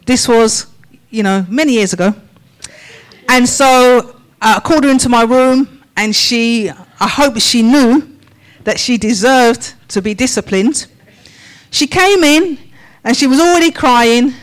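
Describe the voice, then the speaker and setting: A woman's voice: on the high side, low-quality recording. A woman preaching a sermon in church, asking the congregation a run of questions. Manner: slow, measured questions to the congregation.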